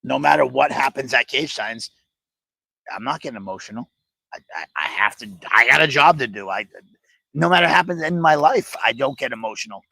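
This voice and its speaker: Gravelly, bright-voiced man telling stories. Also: mid-range voice, lively intonation, brisk, no echo. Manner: profane, storytelling, reflective. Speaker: podcast co-host. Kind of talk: casual chat.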